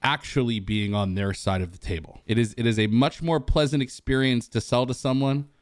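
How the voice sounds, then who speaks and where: A man on a podcast sharing a relaxed, reflective closing thought. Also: medium pitch, a little fast, no echo, clean studio sound. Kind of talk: podcast discussion.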